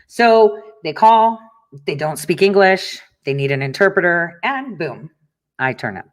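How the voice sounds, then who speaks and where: This middle-aged talk show host tells stories and rants in a blunt, profane monologue to her listeners, laughing frequently. She speaks unhurriedly in a fairly low voice with big swings in pitch.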